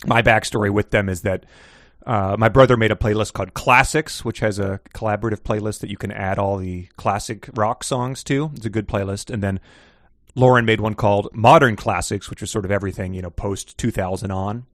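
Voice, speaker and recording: A man's voice: lowish voice, fairly even intonation, a little fast, fairly bright tone, no echo, studio quality. A man co-hosting a casual book podcast, rambling and laughing often as he talks. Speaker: podcast co-host. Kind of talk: casual book-club chat.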